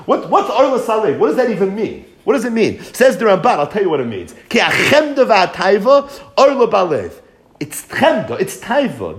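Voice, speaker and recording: A man teaching a Torah class, asking and answering his own questions and chanting quoted texts in a slow singsong. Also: high voice.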